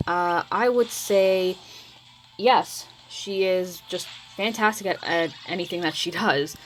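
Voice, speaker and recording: A woman's voice: lowish voice, a little slow, faint music behind, poor audio. A woman giving casual, hesitant gameplay commentary for her channel, trailing off and calling herself mumbly. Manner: rambling, hesitant, self-admittedly mumbling. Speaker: mobile game video creator.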